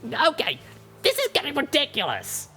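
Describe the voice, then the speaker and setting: A man's voice: on the high side, very animated, measured pace, vocal fry, pushed and bright, soft background music, pitched above the performer's own voice, full character voice. A man voicing a tough, battered young female pony in an audiobook reading, blunt and profane, exhausted and breathless. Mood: exasperated.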